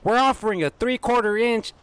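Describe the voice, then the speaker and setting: A man's voice: very high voice, brisk, fairly bright tone, smooth, pitched above the performer's own voice. A man imitating an upbeat, persistent phone salesman reading a cheesy sales script. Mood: salesy.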